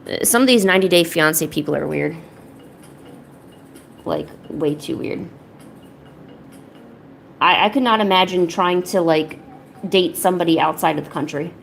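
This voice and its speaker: A woman's voice: moderate pace, gravelly, pauses often, a little hiss or hum. A young woman streaming casually from home, chatting and joking with her viewers. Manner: chatty, jokey, breaks into high baby talk with her cats. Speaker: art streamer. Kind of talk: casual livestream chat.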